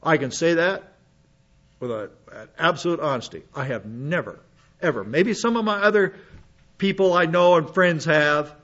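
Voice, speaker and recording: A high-voiced man teaches a congregation from scripture. He reads a passage, then slips into chatty asides and questions to the room. The recording sounds dull and muffled. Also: moderate pace, fairly bright tone. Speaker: preacher. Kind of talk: Bible teaching sermon.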